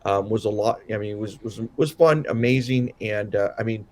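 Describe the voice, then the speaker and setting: Low-voiced tired man, rambling podcast co-host. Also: fairly quick, a little mellow. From Southern California. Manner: rambling, many restarts and fillers. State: tired after a late night. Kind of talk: casual political chat.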